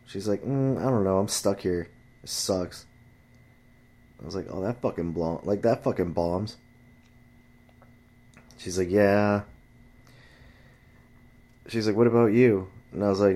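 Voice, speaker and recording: Guy ranting bout his buddies, cursing nonstop, kinda low voice, squeaky when he mimics folks. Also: mellow. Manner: profane, exasperated storytelling; jumps high to mimic chatty friends and women. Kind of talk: casual rant.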